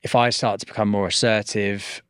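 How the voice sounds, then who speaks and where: Male podcast host, very deep voice, tentative, rephrasing questions, dry close sound. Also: level tone, moderate pace, fairly bright tone, clean tone, dry recording. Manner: thinks aloud, hesitant, restarts his questions. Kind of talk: conversational podcast interview.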